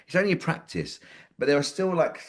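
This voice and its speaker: A man's voice: fairly high pitch, brisk. A man in his forties, a podcast guest telling rambling anecdotes with lots of swearing and acted-out quotes. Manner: rambling, lively, swears freely, acts out quotes. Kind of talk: casual anecdotal storytelling.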